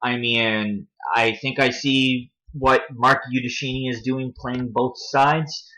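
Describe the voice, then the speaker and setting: A man's voice: mid-range voice, fairly even intonation, slow pace, pushed and bright. A man hosting a casual commentary video, rambling and correcting himself as he stumbles over names while reading from web pages. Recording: dull lo-fi home recording.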